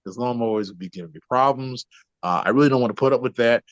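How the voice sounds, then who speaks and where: A man voicing a frustrated husband who insists more and more loudly, on a dull, dry recording. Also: mid-range voice, fast talker, dry recording, lightly acted. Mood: insistent. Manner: insistent, growing louder. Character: frustrated husband pushing for new lawnmower.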